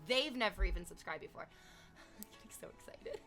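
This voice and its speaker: A young woman chatting casually on a live stream, excitable and swearing freely. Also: fairly high pitch, moderate pace, long pauses, faint music behind. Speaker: livestreamer.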